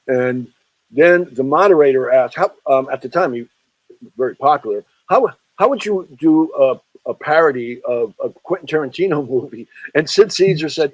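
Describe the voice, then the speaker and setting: A man with a fairly high voice tells long show-business anecdotes as a guest. He talks in an animated, chatty way and drops his voice to quote people. The sound is dry and close. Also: normal speed, no room sound, rough recording. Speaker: author and film historian guest. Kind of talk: anecdotal interview storytelling.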